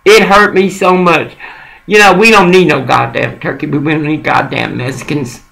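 A middle-aged man with a gravelly, fry-laden voice pitched a bit high for a man. He rambles through a one-sided phone call in a coaxing, profane way. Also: fairly even intonation, normal speed, bright, forceful tone. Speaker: caller.

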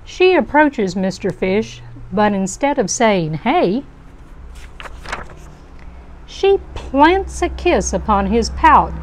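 A woman reads a children's picture book aloud, unhurried and gentle. Her voice sits in a middle register and she lets each rhyme land with expression. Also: medium pitch, sing-song, a little hiss or hum. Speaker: storybook reader for a youth club.

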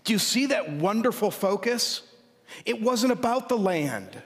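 A male pastor preaching a sermon, reading scripture aloud with lively asides. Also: high voice, measured pace. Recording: long hall reverb.

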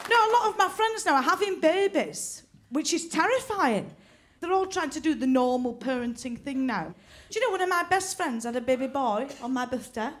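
A woman, performing a deadpan stand-up comedy routine in front of a laughing live audience. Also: high-pitched, a faint crowd, slight background noise. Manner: deadpan punchlines, quick character voices.

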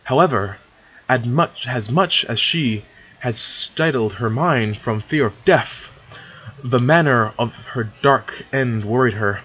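A man's voice: medium pitch, takes it slowly, bright, forceful tone, muffled recording, slight background noise. A man casually reading fan fiction aloud, stumbling over words and correcting himself as he goes. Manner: stumbling, self-correcting, chatty asides. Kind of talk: casual read-along narration.

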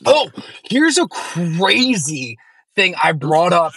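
Brief: man, 30s, husky bright voice, rambling profane storyteller, dry close sound. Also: high voice, very animated, takes it slowly, no echo. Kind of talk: casual storytelling chat.

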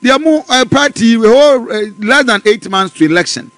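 Male radio panelist: high, lively voice, halting and stuttering delivery, dry studio sound. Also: no room sound. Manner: halting, stutters, many short interjections. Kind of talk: political radio discussion.

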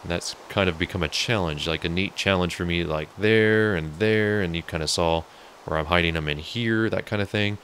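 A man's voice: low voice, moderate pace, fairly bright tone, a little hiss or hum. A man casually talking through his game build, chatty and joking with viewers. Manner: chatty, jokey, talks to viewers. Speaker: let's play host. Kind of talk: casual gameplay commentary.

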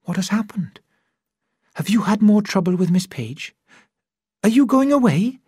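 A reader voicing a gentle young female schoolteacher who speaks softly and quietly. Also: medium pitch, lively intonation, measured pace, husky, no room sound, studio quality, voice pushed up. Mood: tender. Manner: soft and quiet.

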